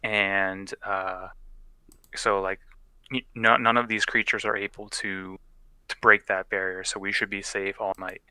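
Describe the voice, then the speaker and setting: A man's voice: fairly low pitch, level tone, unhurried, pushed and bright, clean tone, no echo, low-quality recording. A young man casually narrating as game master of a tabletop game, loose and profane, often laughing.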